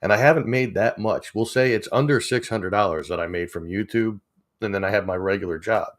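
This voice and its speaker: A livestream host in his 40s chats casually with his viewers, rambling and chuckling as he reads through the chat. His voice is lowish and his delivery brisk.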